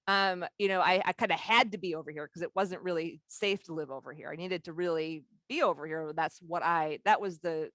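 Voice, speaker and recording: A woman's voice: fairly low pitch, fairly bright tone, no echo. A woman leading a live leadership workshop, teaching in a candid, storytelling way and laughing as she talks, heard over a video call.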